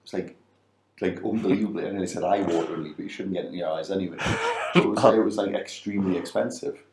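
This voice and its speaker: A man's voice: sits low, fast talker, a little mellow, echoey room, a little hiss or hum, poor audio. A middle-aged man, a business advisor co-hosting a podcast, talking casually and repeating words as he restarts his thoughts. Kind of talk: casual conversational podcast chat.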